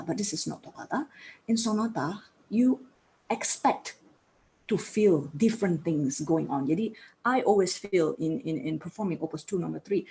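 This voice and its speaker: A woman's voice: on the low side, gravelly, warm tone, a little hiss or hum. A woman giving a piano lecture, explaining points and putting questions to her students. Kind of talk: music lecture. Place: music studio.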